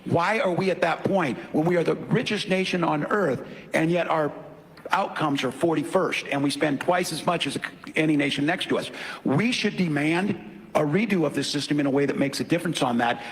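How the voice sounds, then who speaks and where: A man's voice: fairly high pitch, creaky. A man, a politician, giving an earnest public answer full of rhetorical questions, heard as a played clip. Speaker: politician speaking at an event. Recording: played clip with long hall reverb.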